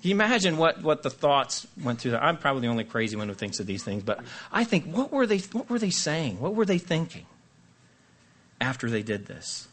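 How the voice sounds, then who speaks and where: A man preaching a sermon, reading scripture and acting out lively asides with playful voices. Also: fairly high pitch, fairly quick. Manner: animated, jokey, acts out voices. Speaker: pastor.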